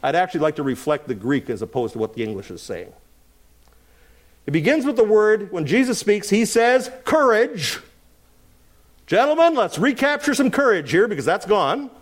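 A middle-aged man preaching an expository sermon, swinging between loud emphasis and quiet asides. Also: high-pitched, animated, brisk. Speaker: pastor.

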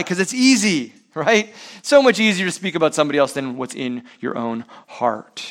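A man's voice: mid-range voice, fairly bright tone. A man preaching a sermon, asking rhetorical questions and using sports analogies. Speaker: pastor.

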